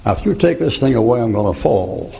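A man's voice: mid-range voice, lively intonation, fairly quick, vocal fry, mellow, poor audio. A man, preaching a folksy, joking sermon and laughing at his own stories.

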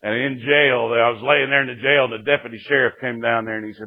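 A man giving a folksy sermon testimony, rising to shouts and dropping to hushed storytelling. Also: medium pitch, steady tone, quick pace. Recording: tinny phone-like recording.

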